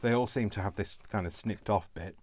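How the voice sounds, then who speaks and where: A man's voice: on the low side, a little fast, darkish tone. A middle-aged man hosting a casual crafting tutorial, rambling and mocking himself with chuckles.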